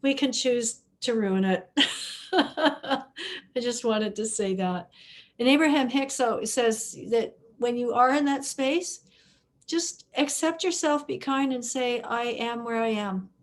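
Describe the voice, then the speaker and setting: A woman with a fairly high-pitched voice speaks slowly over a video call. She is telling a story to her online study group, laughing easily as she casually shares.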